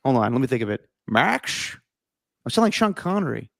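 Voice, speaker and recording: A man's voice: mid-range voice, sing-song, creaky, a bit bright, dry recording, clean studio sound, voice pushed down. A man doing a clumsy grumbly Grinch voice. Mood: goofy. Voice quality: drawling, old movie-star tone. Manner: halting, breaks up laughing mid-line. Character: botched Grinch impression, grumbly male cartoon voice. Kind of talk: casual podcast banter.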